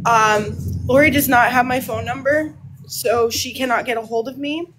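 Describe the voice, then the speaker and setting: Woman on a home livestream; somewhat high pitch, rambling, restarts phrases often. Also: fairly even intonation, normal speed, fairly bright tone, slight background noise. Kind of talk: casual live monologue.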